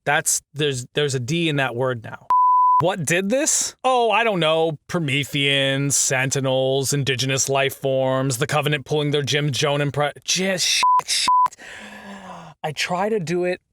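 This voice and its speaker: A man's voice: fairly high pitch, a little slow, a bit bright, no room sound. Exasperated man flubbing his lines. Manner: stumbles over words and curses at himself. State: sore throat. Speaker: video essay narrator recording outtakes. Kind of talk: blooper outtakes of a scripted critique.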